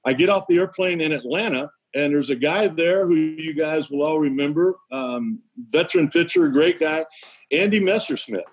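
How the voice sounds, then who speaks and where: A man who was a pitcher, telling lively stories on a sports show and acting out other people's lines. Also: normal speed, breathy edge, low-quality recording. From Connecticut, USA. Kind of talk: animated storytelling on a sports show.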